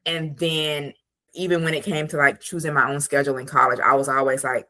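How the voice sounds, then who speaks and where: A woman guest, an attorney and productivity coach, chatting casually on a podcast with lots of "like" and animated asides. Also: low-pitched, fairly quick. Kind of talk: casual interview chat.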